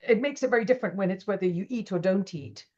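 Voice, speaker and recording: A woman, an interview guest, telling her story with animated energy and acting out the lines of people in it. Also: medium pitch, quick pace. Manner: animated, acts out quoted dialogue. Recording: dull lo-fi audio.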